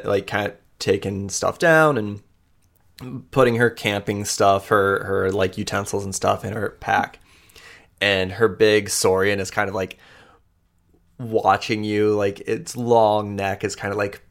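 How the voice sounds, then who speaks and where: A man narrating a tabletop game as game master, loosely and with many fillers. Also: lowish voice.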